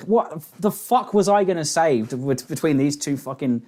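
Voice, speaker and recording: A man's voice: fairly high pitch, lively intonation, normal speed, warm tone. A man moderating an online debate, laughing and exasperated, stammering and swearing as he talks.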